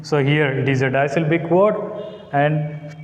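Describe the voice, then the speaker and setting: A man with an Indian English accent teaching a lesson on English word stress, slowly repeating words and rules and checking that students follow. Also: on the high side, fairly even intonation, lo-fi sound. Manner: slow, repeats words and rules, asks "got it?". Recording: echoey room, long reverb.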